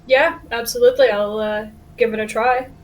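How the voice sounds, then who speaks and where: A woman's voice: a little high, fairly even intonation, moderate pace. A woman playing a tabletop game, playful and giggly. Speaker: player. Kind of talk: casual tabletop game play.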